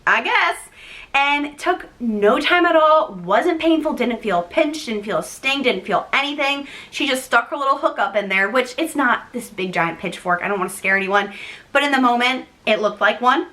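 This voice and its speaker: A young woman telling a personal story to her vlog audience in a chatty, animated way, with frequent "like" and laughing asides. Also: on the high side. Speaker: vlogger, first-time mom. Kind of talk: casual storytelling to camera.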